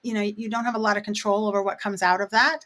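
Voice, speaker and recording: A woman's voice: mid-range voice, steady tone, fast, a bit bright. A woman who roasts coffee, chatting casually in an interview and explaining things with plenty of fillers.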